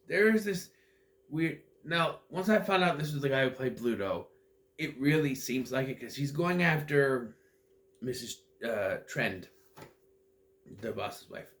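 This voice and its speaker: A man's voice: medium pitch, a bit bright. A man giving a casual, rambling movie recap that meanders and often loses its thread. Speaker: movie reviewer.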